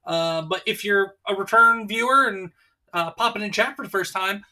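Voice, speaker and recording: A man's voice: sits high, normal speed, pushed and bright. A man hosting a casual livestream, easygoing and laughing often as he reads chat messages aloud. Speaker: streamer host reading chat.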